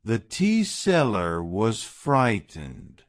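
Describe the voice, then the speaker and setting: A man narrating a graded reader story in a slow, clear, deliberate way. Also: fairly low pitch, wildly swooping pitch.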